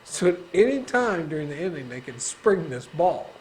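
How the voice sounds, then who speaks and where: A man's voice: fairly high pitch, sing-song, normal speed, a little hiss or hum. A man in his thirties from Texas, rambling in casual podcast chat, swearing and laughing often. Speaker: podcast host.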